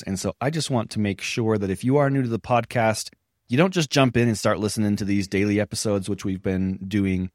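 A man's voice: lowish voice, a little mellow, dry recording, clean studio sound. A man hosting a podcast, reading a short, friendly announcement to listeners. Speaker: podcast host.

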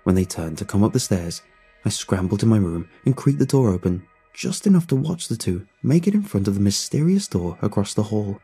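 A man narrating a first-person horror story in a steady, dramatic way. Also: lowish voice, fairly quick, breathy edge, soft background music.

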